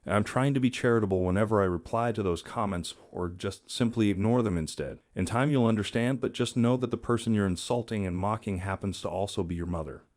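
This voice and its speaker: A man hosting a religious channel, giving earnest commentary in a calm, measured way. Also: lowish voice, dry recording, studio quality. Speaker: channel host.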